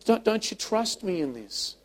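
A man preacher voicing God as a tender, compassionate father, asking gentle pleading questions with repeated words. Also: high-pitched, sing-song, a little slow, pitched above the performer's own voice, exaggerated voice.

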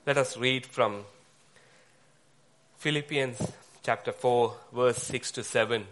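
A man preaching a sermon, speaking haltingly with fillers and pauses. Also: lowish voice, fairly bright tone.

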